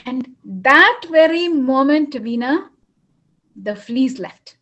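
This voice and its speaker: High-voiced woman telling a heartfelt story. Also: animated, a bit bright, highs cut off. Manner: earnest, emotional, with frequent pauses and fillers. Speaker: interview guest. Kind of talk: personal storytelling in conversation.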